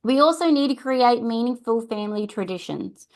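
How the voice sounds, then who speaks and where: A woman's voice: a little high, lively intonation, normal speed. A middle-aged Australian woman hosting a parenting talk, chatty and earnest, often adding tag questions. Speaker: podcast host and parenting coach. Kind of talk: casual advice talk.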